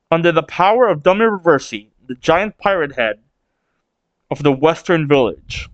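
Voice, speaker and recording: A man's voice: a little high, expressive, normal speed, dry recording, dull audio. A man hosting a casual manga read-along reaction, rambling with restarts and casual swearing.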